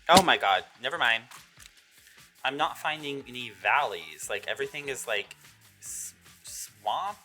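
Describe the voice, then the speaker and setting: A young woman hosting a survival game video, reacting loudly and dramatically as she plays. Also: a bass voice, a little slow, pauses often, faint music behind. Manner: excitable, dramatic exclaiming reactions. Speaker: gaming channel host.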